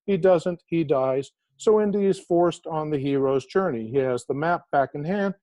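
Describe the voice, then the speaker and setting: A man being interviewed as an author who tells an inspirational story with animated emphasis, slowing down to stress key words. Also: fairly high pitch, no room sound.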